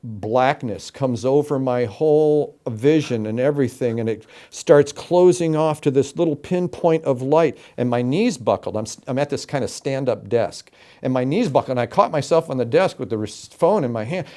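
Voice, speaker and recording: A middle-aged man from Florida, an interview guest telling his story with animated, emphatic delivery and acted-out quotes. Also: medium pitch, moderate pace. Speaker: interview guest, game show announcer.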